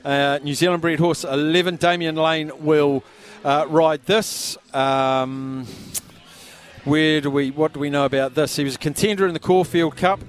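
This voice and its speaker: A man's voice: fairly high pitch, fairly even intonation. Chatty man calling from a pub. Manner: quick, chatty, slightly strained from shouting over a pub. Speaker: radio host running a sweep draw. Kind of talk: live radio chat. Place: busy pub.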